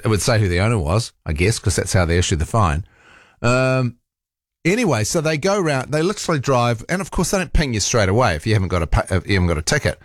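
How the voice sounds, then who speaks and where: A man with a fairly low pitch and a New Zealand accent hosts talk radio in a studio, recorded on a studio microphone with no room sound. He rambles casually through his monologue, full of fillers and restarts.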